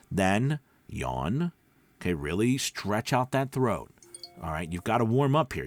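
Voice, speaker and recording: A man teaching voice-over in a casual video lesson, speaking close to the microphone and showing how his voice drops deep and quiet. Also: very animated, unhurried, dry recording. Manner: demonstrates pitch, drops deep and quiet then rises. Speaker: voice-over coach. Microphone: close studio mic.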